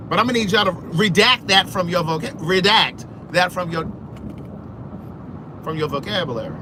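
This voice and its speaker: A man vlogging from his car, chatting in an animated, sassy way and answering comments, sounding sleepy. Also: sits high, moderate pace, long pauses. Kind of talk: casual chat while driving. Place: in a car on the road. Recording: car road noise. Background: road noise.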